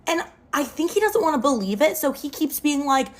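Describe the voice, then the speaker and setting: A young woman with a somewhat high voice tells a casual storytime into her phone. Her delivery is animated and expressive, and she sprinkles "like" through her sentences. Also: fairly quick. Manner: expressive, animated retelling with lots of "like".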